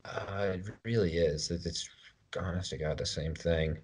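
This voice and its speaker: A man co-hosting a casual podcast, joking and rambling with quick asides. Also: deep voice, fairly even intonation, darkish tone, husky. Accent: American. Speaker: podcast co-host.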